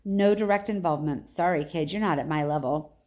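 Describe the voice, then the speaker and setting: A boastful male war god taunting a young hero, his voice sitting low and loose in a read-aloud storybook. A woman reads him out, sneering through every line. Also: fairly quick, a little mellow, lightly acted. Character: swaggering male war god, mocking bully.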